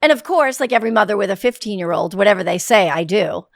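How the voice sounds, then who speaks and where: A woman in her fifties from the Boston area with a faint Boston accent, a guest telling stories in blunt, salty casual talk with lively quoted voices. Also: medium pitch, fast, no echo, clean studio sound. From Boston area, United States. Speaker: guest, actress. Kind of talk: casual interview chat. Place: podcast studio.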